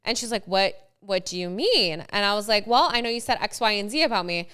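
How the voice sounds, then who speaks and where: A young woman co-hosts a podcast in a casual chat, telling her story in an animated way and acting out what people said. Her voice is bright and very clear, and "like" comes up often. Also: mid-range voice, brisk. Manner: animated storytelling, acts out quotes, frequent "like". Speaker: podcast co-host.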